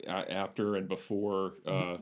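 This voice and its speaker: Chatty man laughing through movie talk. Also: deep voice. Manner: animated retelling of scenes, breaks into laughter; halting restarts while recalling facts. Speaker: podcast co-host. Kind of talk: casual movie discussion.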